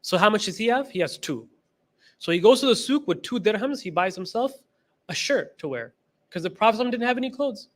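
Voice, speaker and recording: A man's voice: high voice, expressive, fairly quick, fairly bright tone. A man giving a class lecture as a religious teacher, emphatic and repeating key phrases, retelling stories with quoted dialogue.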